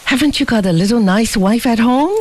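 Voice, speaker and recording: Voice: medium pitch, fairly quick, voice pushed up, natural voice, poor audio. A reader voicing a careless, well-off young man who jokes and teases but turns earnest. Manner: joking, then earnest.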